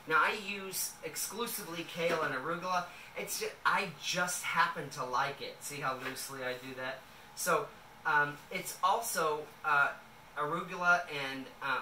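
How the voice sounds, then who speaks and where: A man's voice: fairly high pitch, moderate pace, noisy background. A man in a casual home kitchen vlog, talking in a loose, rambling way with many fillers as he makes a salad. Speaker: vlogger. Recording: echoey room, a bit distant.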